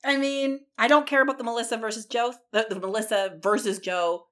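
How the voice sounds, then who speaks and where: A woman co-hosting a podcast in casual chat, animated and gossipy, swearing freely. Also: fairly high pitch, a little fast. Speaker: podcast co-host.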